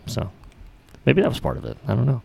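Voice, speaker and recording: A man's voice: medium pitch, brisk, gravelly, a little mellow, breathy edge. A man co-hosting a podcast in laid-back, rambling casual chat, full of fillers. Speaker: podcast co-host.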